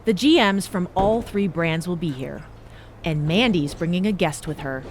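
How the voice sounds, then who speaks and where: A woman voicing a female wrestling trainer in a video game, speaking in a steady, instructive way. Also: lowish voice, moderate pace, a little hiss or hum, close to an everyday voice.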